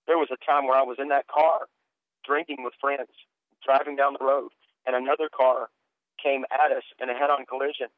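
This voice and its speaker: A man's voice: medium pitch, dry recording. Middle-aged guy telling his story earnest over a thin phone line, dry, stammery restarts. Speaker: guest minister and author. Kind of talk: testimony in a radio interview.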